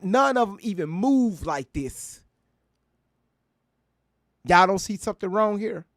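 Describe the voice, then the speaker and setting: A man's voice: sits high, animated, measured pace, pauses often, no echo, clean studio sound. Profane, mocking male commentary host. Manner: profane, mocking, laughs often. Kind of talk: casual reaction commentary.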